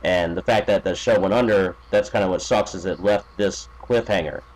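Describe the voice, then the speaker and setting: A man's voice: low-pitched, normal speed, a little mellow, low-quality recording. A man chatting as a podcast guest, rambling with many fillers, restarts and profanity. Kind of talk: casual podcast chat.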